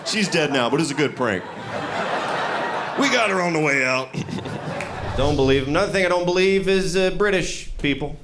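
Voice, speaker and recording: A young man from the American South works a stand-up crowd, his pitch leaping and dropping as he tells stories. He slips into quick put-on voices for the people he mocks. The live club behind him is noisy with laughter. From Royston, Georgia, US South. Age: young adult. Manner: animated storytelling, quick bursts of put-on voices. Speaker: stand-up comedian. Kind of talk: stand-up comedy set. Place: comedy club stage before a laughing audience.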